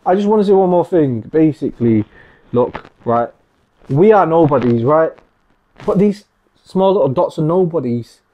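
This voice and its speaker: A man's voice: a little high, expressive, moderate pace, lo-fi sound. A man with a Mancunian accent, from Manchester, speaking earnestly and with passion as host of a podcast conversation. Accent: Mancunian English. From Manchester, England. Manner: earnest and impassioned.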